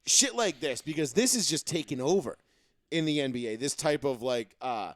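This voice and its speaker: A man co-hosting a sports podcast, ranting profanely and mocking players with quick put-on voices. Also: on the high side, expressive. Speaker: podcast co-host. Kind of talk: casual sports talk.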